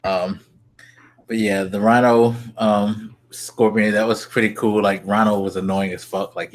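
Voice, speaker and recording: A man co-hosting a casual gaming podcast, talking excitedly with lots of swearing and fillers. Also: fairly low pitch, a little slow. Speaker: podcast co-host.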